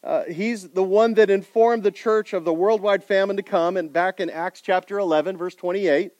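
A man preaching a sermon, putting rhetorical questions to his congregation and swinging between loud emphasis and quiet intensity. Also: high voice, steady tone, moderate pace, dry recording, lo-fi sound. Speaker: pastor.

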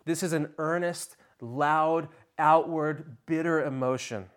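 Guy preaching a sermon, slightly high voice, big dramatic pauses, goes quiet then loud. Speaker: pastor.

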